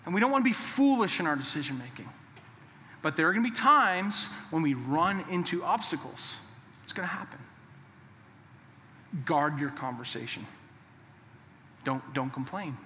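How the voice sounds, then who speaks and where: A man preaching from the pulpit in a high, bright voice that carries a long echo through the sanctuary. He drives his points home by repeating them with force, then loosens up with quick jokes before turning serious again. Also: sing-song, a little hiss or hum. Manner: emphatic and repetitive, with joking asides. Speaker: pastor. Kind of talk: sermon. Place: church sanctuary. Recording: long reverb of a large hall.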